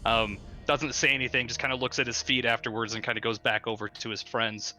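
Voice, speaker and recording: A man's voice: mid-range voice, level tone, brisk, sharp tone, soft background music. A man narrating as game master of a tabletop game in a casual, filler-heavy way.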